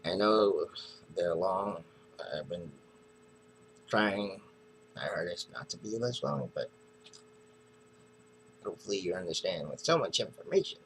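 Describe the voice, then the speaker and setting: A man's voice: low-pitched, animated, measured pace, creaky, long pauses, slight background noise, rough recording. A man casually reviewing a comic book, retelling the story in a rambling, hesitant way.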